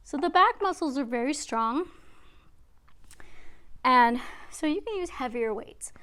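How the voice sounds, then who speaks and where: A woman's voice: high-pitched, animated, unhurried, a bit bright, clear, resonant tone. A woman fitness instructor guiding a beginner workout, counting reps aloud and a little out of breath. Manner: encouraging, counts reps aloud while exercising.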